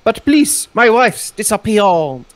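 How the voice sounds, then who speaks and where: A man's voice: high-pitched, sing-song, slow pace, dry recording, voice pushed up, exaggerated voice. A man voicing a worried husband pleading with a neighbor for help during a game playthrough. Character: worried man pleading for his missing wife. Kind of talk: let's play voice acting.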